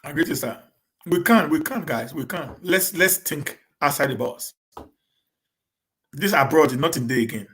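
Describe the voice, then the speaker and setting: A man with a Nigerian accent chatting casually to his live-stream viewers, talking quickly and often repeating and restarting words as he mixes in pidgin. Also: on the high side, lively intonation, a bit bright. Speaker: live-stream host answering viewer questions.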